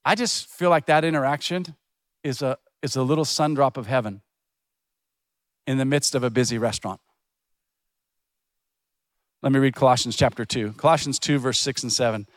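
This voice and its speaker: A man's voice: mid-range voice, moderate pace, long pauses, no room sound. A middle-aged man preaching a sermon as a pastor, telling stories in a conversational way and acting out the voices of people he quotes. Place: church.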